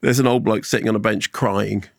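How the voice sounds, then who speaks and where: A male co-host with a gravelly, creaky texture who tells stories and jokes with animated energy. He laughs easily and keeps the tone playful. The sound is close and dry. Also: fairly low pitch, no echo. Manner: animated retelling, quick to laugh, jokey. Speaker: podcast co-host. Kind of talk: casual chat, storytelling.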